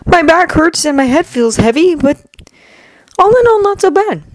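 An earnest, eager teenage boy, as a woman reading a story puts him on, pitched well above her own voice and slightly louder. The sound is dry and close. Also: very animated, moderate pace, no echo. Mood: earnest apologetic.

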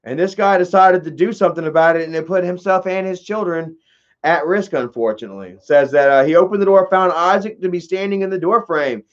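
A young man hosts a loose, profane commentary in a rambling, excitable way. His voice sits high for a man. The recording is dull and lo-fi. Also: fairly quick. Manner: rambling, heavy swearing, excitable. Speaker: commentary host.

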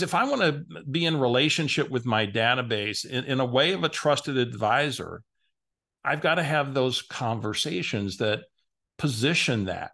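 A man from San Antonio, Texas, giving an energetic, conversational coaching lesson to real estate agents and telling stories along the way. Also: mid-range voice, gravelly.

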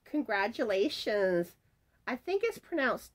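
A woman who hosts a crochet channel chats casually while announcing giveaway winners, reading their comments aloud and stumbling over names. Her mid-range voice swings widely in pitch, and she speaks slowly.

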